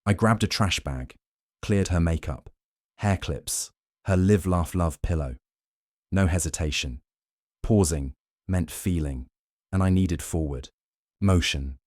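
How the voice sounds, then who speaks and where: Deep-voiced man telling a cold story. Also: a little mellow, no echo, studio quality. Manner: cold, measured. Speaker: narrator. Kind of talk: first-person audiobook storytelling.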